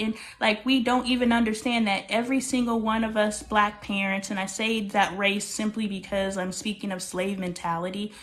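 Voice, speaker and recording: Middle-aged woman in a casual group chat, earnest, leans hard on her points, mid-pitched voice. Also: steady tone, moderate pace, few pauses. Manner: earnest, emphatic. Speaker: book club member.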